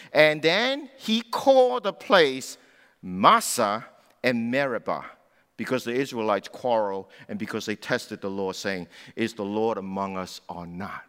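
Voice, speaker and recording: A man preaching a sermon, telling a story with animated delivery and acting out the voices of the people he quotes. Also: a little high, big-room sound. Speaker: pastor.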